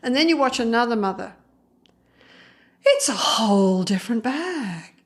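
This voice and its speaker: A woman psychologist speaking as an interview guest, telling stories in a lively way, acting out other people's voices and laughing often. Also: on the high side, unhurried. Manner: animated, acts out quoted voices, laughs often. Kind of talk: conversational interview storytelling.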